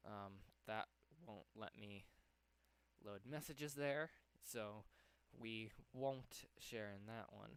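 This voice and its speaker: Young guy streaming from home, kinda out of breath, slow rambly talk, smooth clean voice. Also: fairly low pitch. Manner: rambling, lots of ums, talks to himself while working. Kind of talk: casual live-stream chat.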